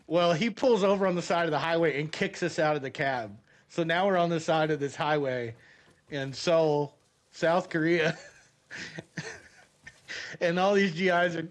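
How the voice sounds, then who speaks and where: A middle-aged man streaming a game, chatty and animated, often laughing as he tells a long story. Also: on the high side, moderate pace. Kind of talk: casual storytelling while gaming.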